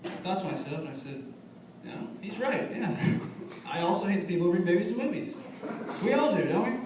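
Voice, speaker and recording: High-pitched and fast with big swings in pitch, a young man delivers a stand-up set at a bar music venue over a noisy background. He relates stories in a relaxed, chatty way, performing his friends' quotes, picked up by a distant, echoey mic along with audience laughter.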